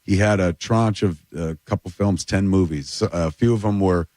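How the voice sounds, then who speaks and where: A man, a filmmaker guest telling animated, rambling stories in a casual studio chat. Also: low voice, moderate pace, no room sound. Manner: animated, rambling anecdotes with lots of "like" and "dude". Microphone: radio studio mic.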